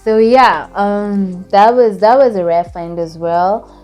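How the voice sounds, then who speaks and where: A young woman from Botswana recapping a trip in a casual vlog, chatty and animated, with lots of fillers. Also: mid-range voice, slow, soft background music. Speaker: vlogger.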